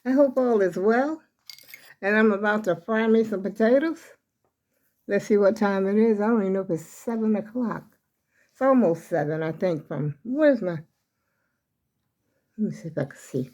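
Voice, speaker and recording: An older woman vlogs from her home kitchen, rambling casually straight to her viewers and sounding slightly out of breath. Her voice is medium-pitched and darkish, with a moderate pace and long pauses.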